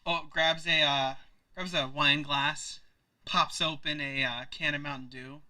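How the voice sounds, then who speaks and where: A man running a tabletop role-playing game, describing scenes in a loose, rambling way full of fillers. His voice is fairly high and very bright, picked up dry and a little away from the mic. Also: fairly even intonation, measured pace, no room sound, distant mic. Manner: rambling, many fillers like kinda and like. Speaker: game master.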